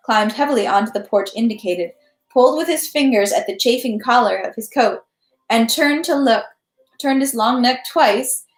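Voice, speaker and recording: A woman reading a classic novel aloud at home, with steady narration and small self-corrections. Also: on the high side. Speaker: reader. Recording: roomy echo.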